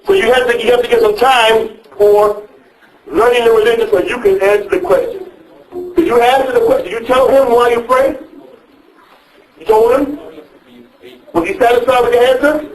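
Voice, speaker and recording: A man's voice: extremely high pitch, moderate pace, pauses often. A man lecturing young people in a mosque, questioning the audience and repeating his phrases. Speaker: speaker advising young people. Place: mosque hall. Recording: echoey hall, mic at a distance.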